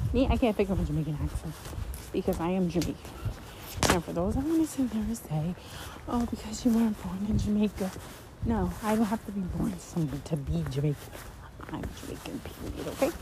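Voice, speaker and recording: A woman's voice: on the low side, animated, moderate pace, pauses often. A woman content creator ranting casually to camera, blunt and heated, swearing freely. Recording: loud background noise.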